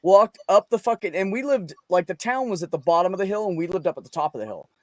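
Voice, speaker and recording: A man's voice: high voice, expressive, fast, dry recording. Profane man telling a rambling story. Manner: profane, rambling storyteller acting out his own lines. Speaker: podcast host. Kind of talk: casual storytelling chat.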